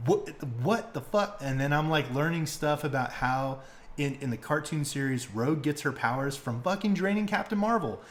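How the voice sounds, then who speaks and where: Excitable, swearing young man chatting. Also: on the high side, moderate pace. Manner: excitable, profane retelling with many fillers. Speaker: podcast host. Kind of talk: casual podcast chat.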